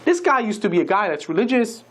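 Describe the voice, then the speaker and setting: A woman giving a religious lecture, telling a story in an animated, conversational way with many asides. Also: medium pitch, fast.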